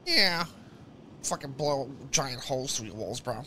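A man's voice: medium pitch, lively intonation, a little slow, bright, forceful tone, a little hiss or hum. A young man in casual voice chat, slangy and swearing, calling everyone bro. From Australia. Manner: slangy, swears a lot, says bro constantly. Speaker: game streamer chatting out of character.

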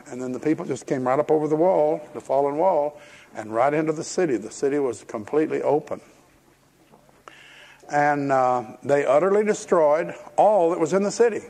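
Gravelly folksy male preacher. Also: medium pitch, darkish tone. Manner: folksy storytelling, emphatic warnings. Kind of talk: sermon.

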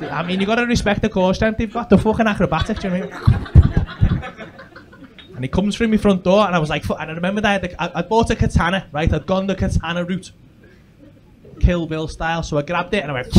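A young Scouse man telling a sweary stand-up story, shouting battle cries and sound effects as he goes. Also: on the high side, fast. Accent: Liverpool. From England. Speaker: stand-up comedian. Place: comedy club with audience laughter.

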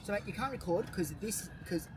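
A man, a police officer, speaking calmly and matter-of-factly as he explains the rules. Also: sits high, brisk, far from the mic. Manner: calm, procedural, matter-of-fact. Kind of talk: casual chat. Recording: loud crowd noise behind.

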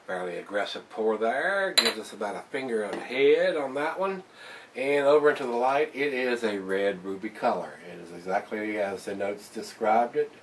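A man's voice: on the low side, lively intonation, normal speed, far from the mic, background noise. A man giving a casual, folksy beer review to camera, chatting to viewers as guys. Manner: folksy, laid-back, keeps calling viewers "guys".

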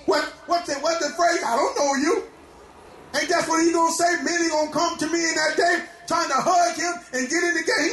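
A man preaching a sermon, often shouting and crying out hallelujah. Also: very high voice, moderate pace, roomy sound. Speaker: pastor. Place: church.

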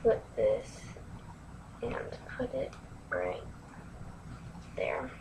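A woman giving a slow step-by-step craft tutorial, sometimes dropping to a near-whisper. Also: extremely low pitch, huge pitch swings, gravelly. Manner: slow, instructive, drops to near-whisper at times. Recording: distant mic, faint room noise.

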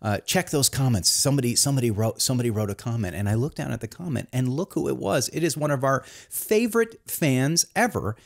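A man's voice: mid-range voice, animated, fast talker, vocal fry, hardly any pauses. A man hosting a satirical comedy review show, talking in a mock-earnest, rambling way. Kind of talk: deadpan satirical monologue.

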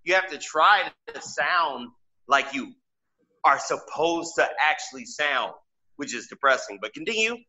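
A man with a fairly high, bright voice talks in an emphatic, casual podcast style, filling his sentences with "like." The audio is muffled and lo-fi. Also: expressive, measured pace. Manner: emphatic, loaded with "like" fillers. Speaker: podcast co-host.

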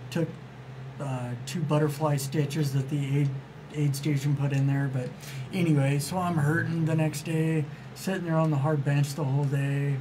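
A man with a voice pitched a touch above average talks as an author on a casual radio interview. He rambles through his stories with enthusiasm and plays out the dialogue he quotes. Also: noisy background.

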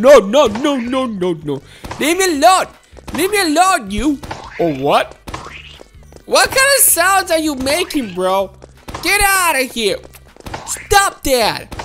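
A woman with a high, bouncy voice that swoops up and down gives excited gameplay commentary. She exclaims and laughs often and talks straight to her viewers. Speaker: gaming video host.

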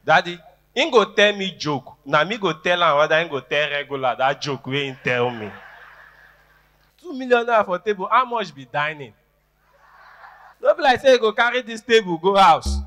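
A Nigerian man doing stand-up comedy with an animated, incredulous delivery. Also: sits high, moderate pace.

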